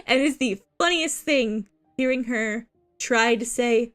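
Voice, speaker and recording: A woman's voice: fairly high pitch, takes it slowly, fairly bright tone, soft background music. A woman streaming as a VTuber, chatting casually and giggling, with playful whiny complaints. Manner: giggly, rambling, playful whining. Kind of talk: casual live-stream chat.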